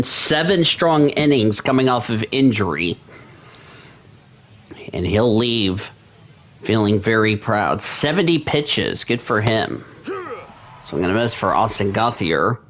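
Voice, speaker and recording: A man streaming a baseball video game, casually calling the action in a relaxed, conversational way. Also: mid-range voice, a little slow. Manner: relaxed, conversational, eating while talking.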